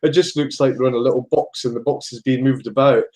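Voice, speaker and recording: A man's voice: mid-range voice, fairly even intonation, fast talker, darkish tone. Scottish man in casual film chat. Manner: rambling, swears freely, laughs often. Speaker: podcast guest.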